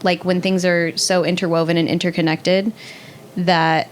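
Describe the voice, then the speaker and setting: A young adult woman talking casually as a podcast guest, thoughtful and sometimes pausing to search for the right word. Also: lowish voice, little pitch movement, a little hiss or hum. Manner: thoughtful, searches for words mid-sentence.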